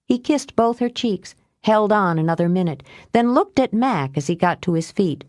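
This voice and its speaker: A woman narrating an audiobook in a measured, unhurried way. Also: on the low side, lively intonation, warm tone, no echo, studio quality. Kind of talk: scripted narration.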